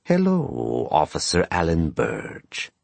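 A man voicing a sinister mysterious male caller with a peculiar voice that swings from low and slow to oddly high. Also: huge pitch swings, creaky, a little mellow, no echo, full character voice. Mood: taunting. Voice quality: peculiar shifting voice, at times helium-high. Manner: slow, taunting, drawn-out.

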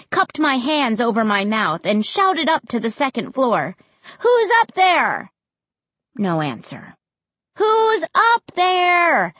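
A woman narrating a first-person storybook with an expressive, dramatic reading. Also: medium pitch, slightly rough, no room sound. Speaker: audiobook narrator.

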